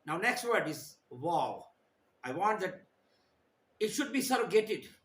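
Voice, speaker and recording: A man with a fairly high, lively voice teaches English vocabulary, listing each word slowly and deliberately. The sound has a roomy echo to it. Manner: slow, deliberate listing of words. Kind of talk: vocabulary lesson.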